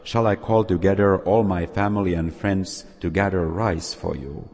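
Storybook parrot, male, eager to help, low husky voice with long reverb, read by a man. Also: fairly even intonation, normal speed, a little mellow. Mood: obliging. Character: generous male parrot with a large family.

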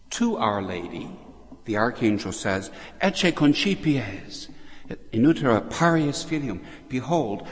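A man's voice: lowish voice, big-room sound. A man preaching a sermon as a priest, speaking devoutly, reciting Latin phrases and then translating them.

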